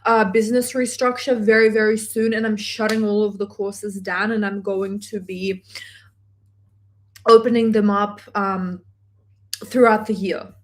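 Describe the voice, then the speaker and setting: On her live stream, a manifestation coach working from home reads out chat comments with animated, gushing enthusiasm and some casual swearing. Her voice sits at medium pitch and her delivery is unhurried.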